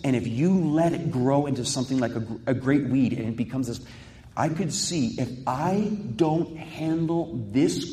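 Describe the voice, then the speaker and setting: A man preaching a sermon at a mid pitch. He talks like he's chatting with the congregation, mixing rhetorical questions with stories from his own life. His voice rings through a large church sanctuary with a long, lingering echo. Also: mellow. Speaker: pastor. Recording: echoey hall with long reverb.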